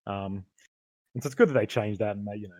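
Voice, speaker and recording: A man's voice: lowish voice, quick pace, a little mellow, no room sound. A man co-hosting a casual film podcast, laughing often and acting out quoted lines. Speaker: podcast co-host.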